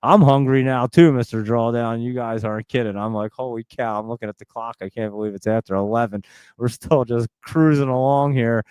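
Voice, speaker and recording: A man hosting a live stock-market stream, talking very fast in a chatty, rambling way and laughing often. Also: mid-range voice, steady tone, darkish tone, clean tone, no room sound. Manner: talks extremely fast and nonstop. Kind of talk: casual live-stream chat.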